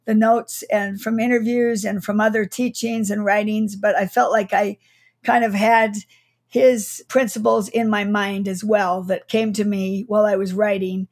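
A woman's voice: medium pitch, level tone, measured pace, darkish tone. A middle-aged woman, a guest author, telling a childhood memory in an interview, reflective, with small laughs and restarts. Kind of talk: storytelling in an interview.

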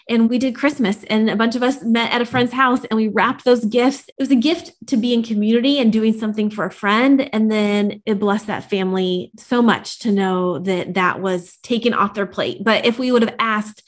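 A woman author, a guest on a podcast, speaking in a quick, animated way. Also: fairly high pitch. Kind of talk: casual podcast conversation.

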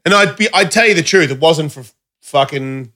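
A man co-hosting a casual podcast chat, swearing freely and telling stories with lots of quoted dialogue, jumping high in pitch whenever he quotes someone. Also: moderate pace, background noise. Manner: profane, animated, jumps high when quoting people.

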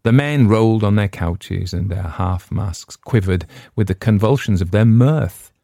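Male audiobook narrator, very low voice, gravelly, dark tone, dry sound. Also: no echo. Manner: measured, dramatic first-person reading. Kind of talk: scripted narration of a classic story.

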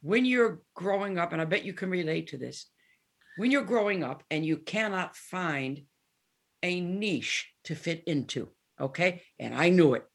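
Gravelly-voiced woman in her seventies. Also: fairly low pitch, measured pace. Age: 70s. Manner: candid, animated storyteller who acts out quoted dialogue. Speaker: guest musician. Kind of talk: casual interview storytelling.

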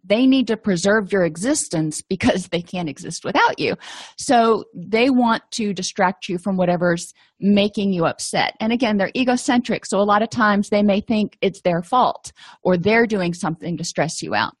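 A woman's voice: mid-range voice, normal speed, dry recording. A middle-aged woman presenting an educational lecture in a conversational, anecdotal way, with frequent fillers.

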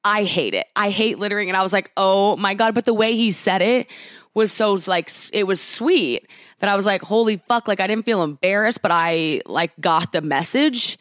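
A woman's voice: mid-range voice, moderate pace, dry recording, studio quality. A young woman in her twenties co-hosting a podcast, telling self-mocking stories in casual chat. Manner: animated, self-mocking storytelling. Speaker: podcast co-host.

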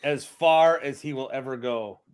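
A man's voice: mid-range voice, unhurried, clean tone, no room sound. A man co-hosting a casual sports podcast, joking and putting playful emphasis on words. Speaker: podcast co-host.

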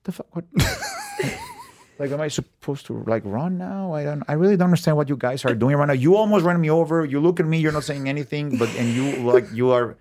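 A middle-aged Mexican man with a Mexican accent, a podcast guest who tells animated stories, acting out quotes and swearing freely. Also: a little fast. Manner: expressive, acts out quotes with big pitch swings, swears freely. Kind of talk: animated storytelling in conversation.

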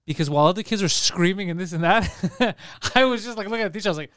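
Man, fast, blunt and profane, clear smooth voice, dry close mic. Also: sits high, fairly bright tone, no room sound. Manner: blunt, profane storytelling with laughs. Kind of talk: casual chat.

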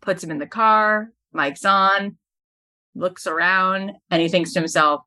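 A woman's voice: on the low side, measured pace, bright, forceful tone, smooth. A middle-aged woman, a podcast host and business coach, telling stories as a guest in an interview and building each anecdote to its punchline.

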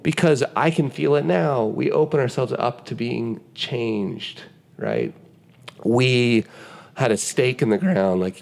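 A gravelly, medium-pitched man speaks slowly as a podcast guest, explaining ideas conversationally. Telling a lively story, he acts out other people's lines and frequently starts his sentences over.

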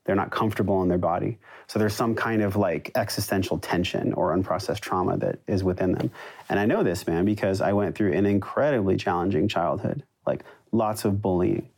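A man's voice: deep voice, fairly quick, vocal fry, darkish tone. A man who coaches breathwork, speaking as a guest in an earnest, reflective way. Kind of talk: casual conversation.

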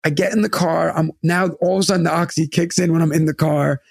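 A young man co-hosting a podcast, telling a story in casual chat, animated and swearing freely. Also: fairly high pitch, fast, vocal fry, dry recording, studio quality. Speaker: podcast co-host. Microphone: studio mic close up.

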